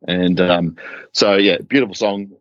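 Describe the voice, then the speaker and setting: A man co-hosting a casual album discussion, speaking in a measured, thoughtful way with some fillers. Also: deep voice, fairly even intonation, no room sound, muffled recording. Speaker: podcast co-host.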